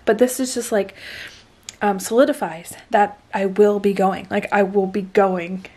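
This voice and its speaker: A woman's voice: medium pitch, steady tone, a little slow, darkish tone. A woman in her twenties chatting casually in a vlog, gushing and breathless, with lots of fillers. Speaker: vlogger.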